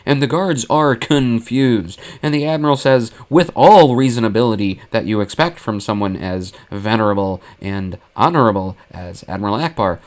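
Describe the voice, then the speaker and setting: A man narrating a fan what-if story in a plain, matter-of-fact deadpan. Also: on the low side, normal speed, hardly any pauses.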